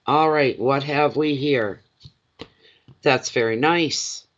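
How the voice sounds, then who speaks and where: A man with a bright, forceful voice runs a live tarot reading. He chats easily, jokes and pokes fun at himself as he works through the cards. The audio is dull and lo-fi, as if recorded on a phone. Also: mid-range voice, takes it slowly. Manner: chatty, joking and self-deprecating. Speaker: tarot reader.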